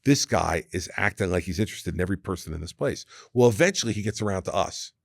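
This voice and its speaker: Lower-voiced New man telling stories. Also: fast, gravelly, no echo, clean studio sound. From New Jersey, USA. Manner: animated anecdote teller who acts out quoted people, with frequent restarts. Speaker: podcast guest. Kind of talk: casual storytelling in conversation.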